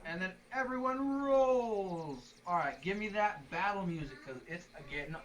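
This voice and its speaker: A game master running a tabletop session, making easygoing rulings and quick asides. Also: medium pitch, expressive, distant mic.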